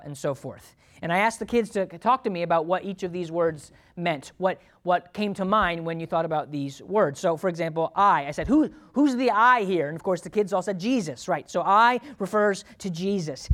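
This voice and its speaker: A pastor preaching a sermon, building emphatic runs of repeated phrases and swinging between loud declarations and soft asides. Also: mid-range voice, brisk.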